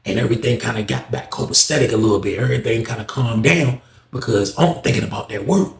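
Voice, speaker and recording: Fast-talking man spinning a story. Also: medium pitch, vocal fry. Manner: animated, slangy, acts out every voice. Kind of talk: casual storytelling. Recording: roomy echo.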